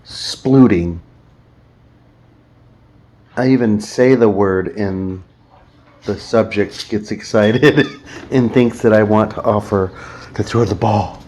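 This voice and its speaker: A man's voice: on the low side, takes it slowly. A man hosting a casual vlog, chatty and jokey with playful asides. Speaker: host. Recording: background music.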